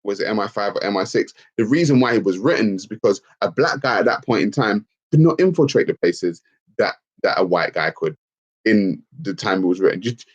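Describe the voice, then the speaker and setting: A man's voice: on the low side, highs cut off. A man hosting a livestream Q&A, ranting emphatically and swearing freely as he answers the chat. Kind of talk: livestream Q&A rant.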